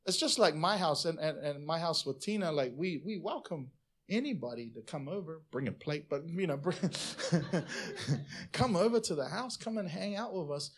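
Male pastor, sermon, animated, swings from loud to soft, slightly high-pitched. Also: moderate pace. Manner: animated, swings from loud to quiet, chatty asides.

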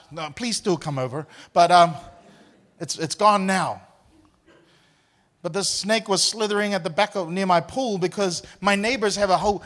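A pastor with a slightly high, fairly bright voice preaches a sermon built on personal storytelling. He tells his stories with a lot of energy, laughs often, and repeats words as he goes.

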